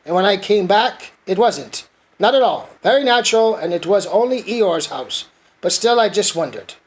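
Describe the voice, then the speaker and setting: Man reading as gloomy storybook donkey, male, mournful, sarcastic, husky. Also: high voice, lively intonation, moderate pace. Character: gloomy, melancholy male donkey, self-pitying.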